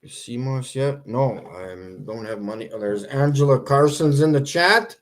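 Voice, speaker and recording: A man's voice: mid-range voice, lively intonation, unhurried. A man hosting a casual livestream, rambling and joking, laughing at his own points. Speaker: livestream host.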